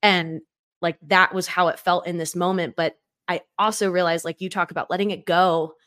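A woman with a slightly low-pitched voice talks openly on a podcast. She tells a personal story in a reflective, conversational way and leans on filler words. The talk is relaxed and unscripted. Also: normal speed. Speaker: podcast co-host. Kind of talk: casual chat.

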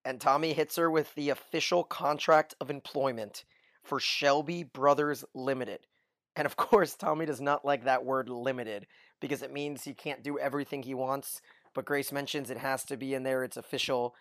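A man co-hosting a podcast, giving a casual, lively recap of a TV episode and chuckling often. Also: medium pitch, moderate pace, no echo, studio quality. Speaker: podcast co-host.

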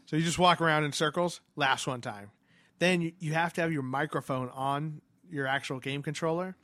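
A man's voice: a little high, normal speed, bright, forceful tone, dry recording. A man co-hosting a podcast in casual chat, laughing often and swearing as he acts out scared reactions. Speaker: podcast co-host.

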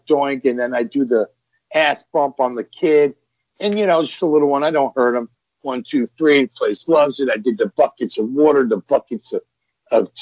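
A man's voice: fairly high pitch, no echo. A middle-aged man, a veteran pro wrestler, telling road stories as a podcast guest in a rambling way, full of restarts and repeated words. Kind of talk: storytelling podcast interview. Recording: dull lo-fi podcast audio.

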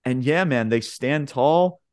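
A man co-hosting a podcast in casual chat, excitably retelling events in a rambling way, swearing often and calling listeners "bro" and "man". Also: medium pitch, slow, no echo. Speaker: podcast co-host.

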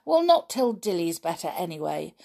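A woman's voice: on the low side, very animated, moderate pace, vocal fry, dark tone, exaggerated voice. A woman voicing a mischievous, scheming male bunny in a children's storybook, cheeky and wheedling.

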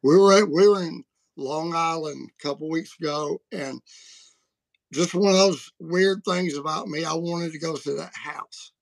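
Gravelly and on the high side, the middle-aged Alabama man keeps a measured pace as he rambles through folksy stories, restarting often. He's a guest apologist chatting casually on a livestream, and the low-quality recording has no room sound.

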